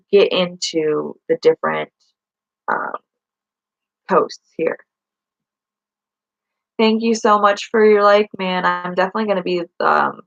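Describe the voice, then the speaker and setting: A woman with a low, creaky voice chats casually on a livestream, rambling and correcting herself as she greets viewers and poses questions to them. The recording, from a laptop or phone mic, sounds dry with the highs cut off.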